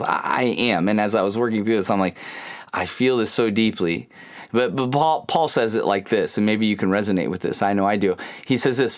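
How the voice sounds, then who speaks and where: A man preaching a sermon in a conversational, humorous way, acting out quick bits of dialogue. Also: medium pitch. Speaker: pastor.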